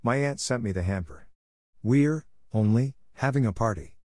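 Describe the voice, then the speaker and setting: A man's voice: medium pitch, normal speed, a little mellow, no room sound, studio quality, natural voice. A man voicing a timid schoolgirl who pleads through sobs. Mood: pleading. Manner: sobbing, pleading.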